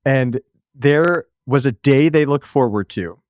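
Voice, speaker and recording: A man co-hosting a podcast who chats casually and drops in quick asides. His voice sits at an ordinary pitch, recorded dry and close to the mic. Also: dry recording. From Pittsburgh area, USA. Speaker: podcast co-host. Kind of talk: casual chat.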